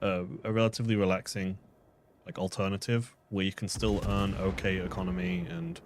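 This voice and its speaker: Male co-host, slightly low voice, playful gaming banter. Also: fairly quick, background noise. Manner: joking, teasing, relaxed. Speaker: co-host on the stream. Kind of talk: casual banter while playing.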